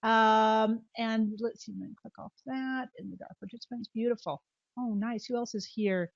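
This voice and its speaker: Scottish woman, middle-aged, lively live-stream host, fairly high voice, dull video-call sound. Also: gravelly, no room sound. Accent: Scottish with some Californian. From Scotland. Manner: bubbly, quick, with frequent laughs and restarts. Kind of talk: live-stream webinar hosting. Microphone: video call microphone. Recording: dull, lo-fi web call audio.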